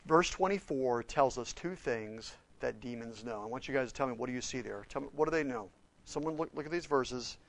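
A man from Oklahoma preaching a conversational sermon. He is animated and emphatic, often questioning his listeners and slipping into casual fillers. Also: medium pitch, brisk, vocal fry. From Oklahoma, USA. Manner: animated and emphatic, questions his listeners directly and gets loud on key points; informal, with fillers and restarts. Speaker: pastor or Bible teacher. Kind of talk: sermon, conversational Bible teaching.

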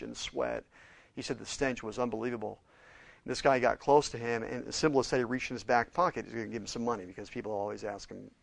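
A man preaching a sermon, retelling stories of changed lives with quoted dialogue and shifts between hushed and emphatic moments. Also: medium pitch, gravelly, no echo. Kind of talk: sermon storytelling.

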